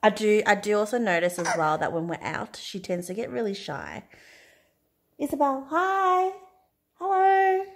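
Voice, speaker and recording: A woman's voice: fairly low pitch, lively intonation, brisk, creaky, hardly any pauses, breathy edge. A young woman vlogging casually about her day as a mum, rambling with lots of "um" and "like". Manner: rambling, many fillers like 'um' and 'like'. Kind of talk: casual vlog chat.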